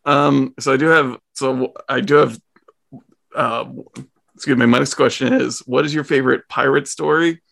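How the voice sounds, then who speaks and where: A man hosting an interview, asking questions in a halting way with repeated words. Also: medium pitch, steady tone, creaky, fairly bright tone. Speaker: host.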